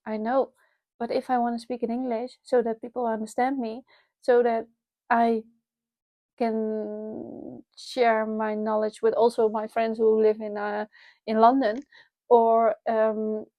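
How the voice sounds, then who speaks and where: Candid and rambling, a woman from the Netherlands with a Dutch accent talks in an unscripted personal vlog, reflecting on herself with frequent laughs and restarts. Her voice sits on the high side with a warm tone, and the wireless lapel mic recording is dry.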